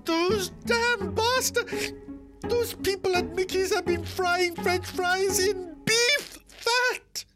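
A man voicing a shrill, excitable middle-aged Hindu housewife who shrieks in frantic outrage. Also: slow, loud music behind the voice. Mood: outraged.

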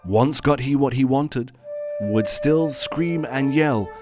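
A man's voice: mid-range voice, slow pace, over music. A man performing a short story aloud, with theatrical, old-fashioned inverted phrasing. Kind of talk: scripted story narration.

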